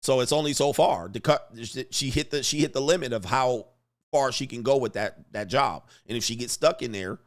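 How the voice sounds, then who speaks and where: A man's voice: medium pitch, moderate pace. A man hosting casual commentary, brash and slangy, chuckling often and hammering his punchlines. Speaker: commentary host.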